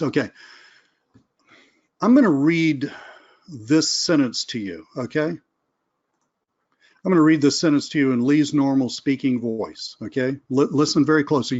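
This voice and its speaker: A man's voice: medium pitch, unhurried, long pauses, a little mellow, lo-fi sound. A man teaching a sales webinar, casual and conversational, acting out phone calls as examples. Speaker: sales trainer. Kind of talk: live webinar teaching with role-play calls.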